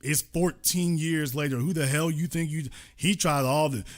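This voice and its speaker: A man's voice: a little high, fairly even intonation, normal speed. A man hosting a show who delivers a political commentary monologue in an emphatic, repetitive, preaching manner. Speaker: host.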